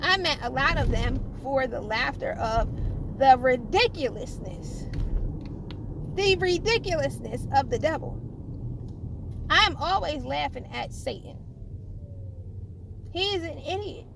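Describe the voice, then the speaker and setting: A woman preaching informally about her faith in a fervent, halting way, often repeating and restarting phrases and chuckling. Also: sits high, animated, creaky, noisy background. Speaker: spiritual vlogger.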